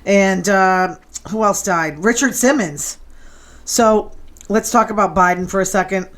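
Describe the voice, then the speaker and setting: A woman hosting a show in casual chat, sassy and quick to tease. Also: mid-range voice. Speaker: show host.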